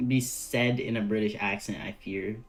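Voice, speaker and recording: A man's voice: on the low side, steady tone, normal speed. A man with a North American accent, streaming a game in casual, slangy commentary and laughing often. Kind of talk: casual live-stream commentary while reading.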